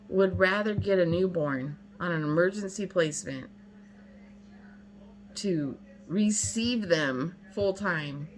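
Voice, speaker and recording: Her voice on the low side and the recording rough, a woman in her fifties vents to her viewers in a casual rant to camera. As a vlogger, she's blunt, emphatic and exasperated, repeating things for emphasis.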